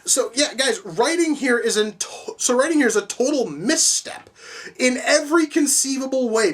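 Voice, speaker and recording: Rambling, cursing woman reviewer, distant mic. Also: on the low side. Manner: profane, rambling with many restarts and fillers. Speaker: film reviewer. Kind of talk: casual video review.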